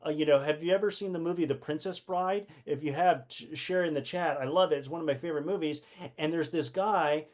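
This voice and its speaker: A man's voice: fairly high pitch, brisk, darkish tone. A man hosting a casual live-stream book talk, full of rhetorical questions, fillers and restarts. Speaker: host of a community book session.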